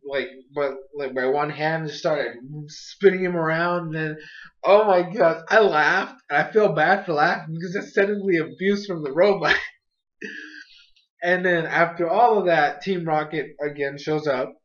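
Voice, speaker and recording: A man talks through an episode review in a loose, rambling way, full of fillers and amused asides. His voice sits a bit high for a man. The recording is muffled and lo-fi. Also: moderate pace, a bit bright. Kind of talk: casual spoken review.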